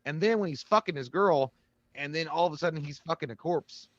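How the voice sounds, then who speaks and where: A man's voice: on the high side, fairly quick, dry recording, muffled recording. A man co-hosting a casual movie review show, talking crudely and rambling with lots of fillers and restarts. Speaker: podcast co-host.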